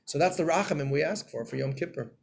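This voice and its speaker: A man gives a Torah class in a gravelly, somewhat husky voice that sits a little high. He tells stories and acts out the scenes, rising to loud, animated bursts. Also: fast talker. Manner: storytelling with acted-out scenes, gets loud and animated.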